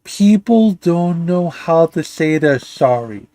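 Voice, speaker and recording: A man's voice: fairly high pitch, lively intonation, slow pace, dark tone, no room sound. Ranting, stammering male stream host. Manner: angry, insulting, stammers and restarts. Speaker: livestream commentary host. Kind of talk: profane ranting stream talk.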